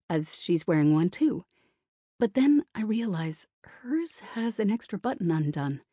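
A woman's voice: medium pitch, mellow, slightly rough, no room sound, clean studio sound. A woman reading a novel in the first person, wry and self-conscious in tone. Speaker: audiobook narrator.

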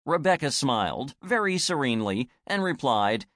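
A man narrates a novel with lively, animated intonation. His pitch sits in a middle range for a man. The recording is dry and close, with no room sound. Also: moderate pace, no room sound. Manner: expressive, animated storytelling. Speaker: audiobook narrator. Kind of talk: scripted narration.

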